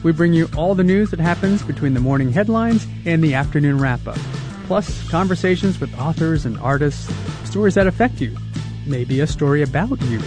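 A man's voice: on the high side, animated, moderate pace. A man radio host reading a promo in an upbeat, inviting way. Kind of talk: promo read. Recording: guitar music bed.

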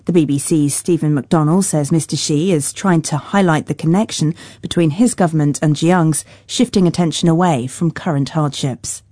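Low, dark-voiced woman reading the news. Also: no room sound, studio quality. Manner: measured, even delivery. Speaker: newsreader. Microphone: studio microphone.

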